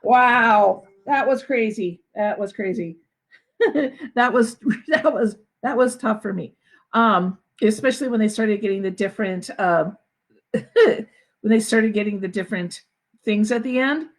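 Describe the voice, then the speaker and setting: A woman, a school principal, chatting casually to her students on a livestream, encouraging and quick to laugh, with restarts. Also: mid-range voice.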